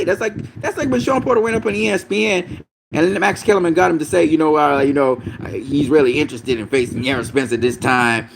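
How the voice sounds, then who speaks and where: A man rants about boxing in a loose, profane, emphatic way, his pitch leaping up and down. His voice sits a little high with a gravelly edge. Steady noise hums behind him. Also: fast talker. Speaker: boxing commentator. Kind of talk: casual ranting commentary.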